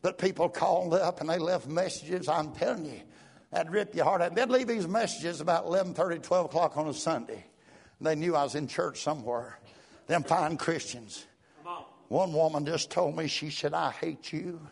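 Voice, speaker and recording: Man, preacher, fervent sermon, gravelly, raspy, rhythmic interjections. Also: a little high, moderate pace. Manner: fervent, rhythmic, peppered with "uh" and "praise God", sometimes shouting.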